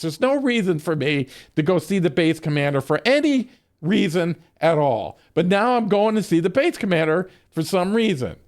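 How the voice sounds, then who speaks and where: A man's voice: high-pitched, darkish tone. A middle-aged man telling a long, profane, rambling story while streaming a game, laughing often.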